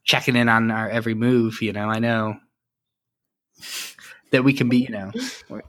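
With a fairly low, steady, slightly bright voice, this young podcast co-host talks at a moderate pace. He jokes dryly through a casual chat and uses lots of fillers.

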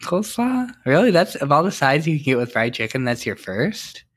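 A man's voice: on the high side, big pitch swings, normal speed, a bit bright. Dry-joking young man co-hosting a podcast. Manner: dry, joking delivery with many fillers. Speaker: podcast co-host. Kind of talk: casual chat.

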